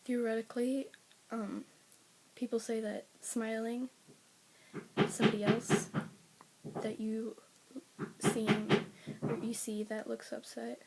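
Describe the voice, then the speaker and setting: A woman's voice: fairly high pitch, flat delivery, takes it slowly, pauses often. Rambling young woman, hissy recording. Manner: rambling, many fillers, often drops to a breathy half-whisper. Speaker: vlogger. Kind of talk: casual talk to camera. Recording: clear background hiss with clicks.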